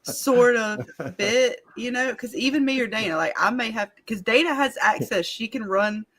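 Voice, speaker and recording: Woman host of a casual live stream, lively and rambling, quick to laugh. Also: fairly high pitch. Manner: animated, laughing, rambling with many fillers. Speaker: channel host.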